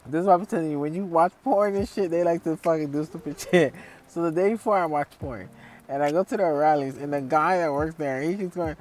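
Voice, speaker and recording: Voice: mid-range voice, brisk, a little hiss or hum. A vlogger talking in a casual, rambling monologue, swearing a lot and full of fillers, acting out other people when telling stories. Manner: profane, rambling, frequent fillers; lively storyteller acting out others.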